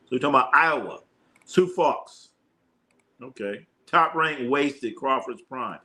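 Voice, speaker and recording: Hosting a live sports stream, a man reads viewers' comments aloud and riffs with loose, profane jokes. His medium-pitched voice is bright and forceful, animated yet a little slow.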